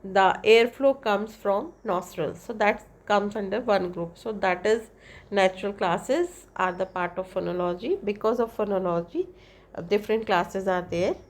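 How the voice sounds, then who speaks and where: A woman teacher giving a lecture and explaining terms step by step, often checking with "right?" and pausing on "uh". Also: medium pitch. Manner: slow, deliberate delivery with demonstrated examples. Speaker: English teacher.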